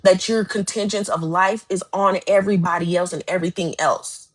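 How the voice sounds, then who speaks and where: A woman's voice: on the low side, steady tone, a little fast. A woman life coach giving a live motivational talk, speaking emphatically and directly with lots of repetition.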